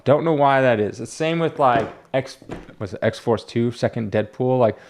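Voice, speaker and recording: A man's voice: mid-range voice, moderate pace, darkish tone, slight background noise. A man running a comic book shop, chatting casually and rambling as he talks himself through each graded book. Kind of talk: casual unboxing chat.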